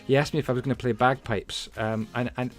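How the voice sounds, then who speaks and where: Male host, mid pitch, rambling build commentary with story asides, faint music behind. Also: steady tone, quick pace. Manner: rambling, chatty, many fillers and asides. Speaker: Minecraft building channel host.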